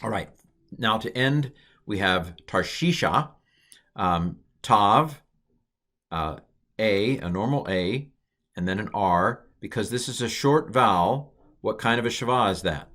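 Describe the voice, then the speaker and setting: A middle-aged man calmly explaining a language lesson in a recorded online course, with frequent ums and uhs. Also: on the low side, unhurried. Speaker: Hebrew teacher.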